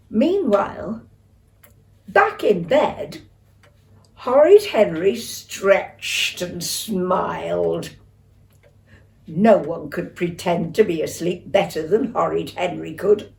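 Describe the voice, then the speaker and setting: An older woman reading a children's story aloud with lively expression, talking to young listeners. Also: lowish voice, slow, gravelly, recorded from a distance.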